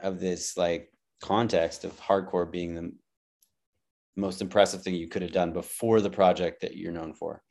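Low-voiced man riffing excitedly. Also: moderate pace, vocal fry. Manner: rambling, excitable riffing with many likes. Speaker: podcast host. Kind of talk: casual podcast chat.

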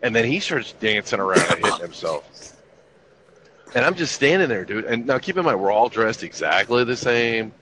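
A man's voice: medium pitch, expressive, moderate pace, heavy background noise. A man in his fifties telling army stories in casual chat, with a laid-back, profane, wry delivery. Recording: dull lo-fi recording with faint ambience.

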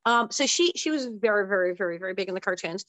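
Older woman guest, lively anecdotal talker with quick asides, dry close sound. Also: medium pitch, no echo. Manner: animated, quick asides and acted-out quotes. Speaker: interview guest. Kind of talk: casual storytelling.

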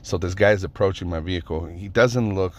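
Lowish voiced guy ranting through a story, swears a lot, lots of ums and restarts. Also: brisk, highs cut off. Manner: rambling, profane, many fillers and restarts. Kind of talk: casual storytelling rant.

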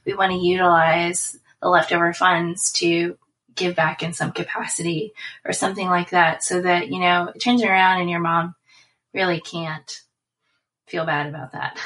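A woman's voice: on the low side, level tone, normal speed, a bit bright. An American woman guesting on a podcast in casual chat, easygoing and laughing often. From United States.

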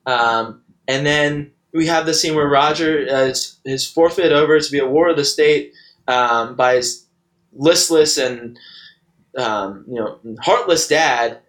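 A man with a fairly high voice talks over a film he loves, and he often stops for an "um" or an "uh". He speaks in a relaxed, earnest way. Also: poor audio. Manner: halting, frequent "um" and "uh". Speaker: podcast co-host, former baseball player. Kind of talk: casual movie discussion.

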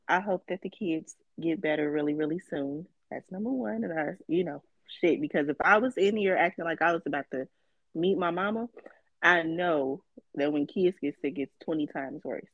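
A woman co-hosting a podcast. Her voice is hoarse as it recovers, and she chats in a teasing, animated way with some swearing. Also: sits low, moderate pace, no room sound, muffled recording. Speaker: podcast co-host. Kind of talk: casual chat.

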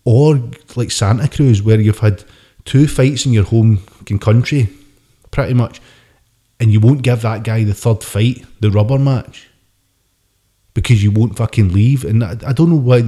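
A man's voice: medium pitch, a little slow, warm tone, slightly rough. A man co-hosting a podcast, chatting and ranting about boxing with lots of swearing. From United Kingdom. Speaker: podcast co-host. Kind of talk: casual boxing chat.

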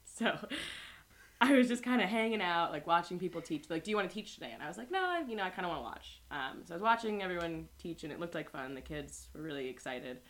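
Young woman, lowish voice, chatty storyteller who laughs a lot. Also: fast talker. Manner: laughs often, animated storytelling with voiced quotes. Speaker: storyteller among friends. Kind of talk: casual chat.

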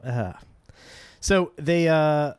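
A man's voice: fairly high pitch, extremely slow, clean tone, no room sound. A man hosting a podcast who reads passages aloud and cracks dry jokes between them, chuckling often. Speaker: podcast host. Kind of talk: casual comedic book reading and discussion.

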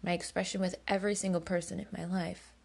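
A woman's voice: lowish voice, flat delivery, vocal fry, darkish tone, slightly rough. A woman hosting a podcast, telling a personal story in an emphatic, candid way, swearing when heated. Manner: slow and deliberate. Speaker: podcast host.

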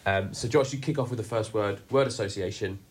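A man's voice: fairly low pitch, a little fast, slightly rough. A man leading a youth group chat on a video call, jokey and rambling with lots of fillers.

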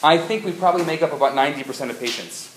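Man, rabbi, live lecture, animated storyteller, echoey hall. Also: a little high, rapid-fire. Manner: animated joke-telling storyteller. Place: community center lecture hall. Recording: echoey hall, faint noise.

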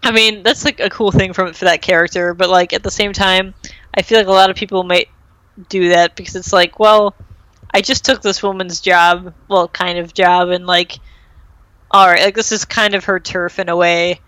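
A woman's voice: on the low side, fairly even intonation, normal speed, a bit bright, no echo, rough recording. Woman rambling through a tv recap, lots of likes and ums, dry close mic sound. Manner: rambling, frequent fillers and laughter. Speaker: podcast co-host. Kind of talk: casual chat.

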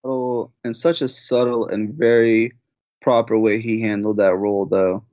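A man co-hosting a casual film discussion podcast, speaking in a measured, thoughtful way. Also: on the low side, fairly even intonation, darkish tone, dry recording. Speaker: podcast co-host. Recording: dry, slightly dull audio.

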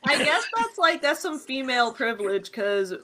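A woman's voice: high voice, sing-song, normal speed, noisy background. A young woman co-hosting a podcast in casual chat, chatty and laughing often, with lots of fillers. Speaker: podcast co-host.

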